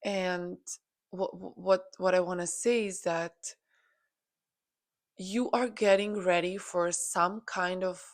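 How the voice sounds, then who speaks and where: A woman's voice: on the low side, fairly even intonation, slow. A woman channeling a spiritual message to her viewers, earnest and encouraging, with frequent fillers. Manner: earnest, encouraging, many "you know" fillers.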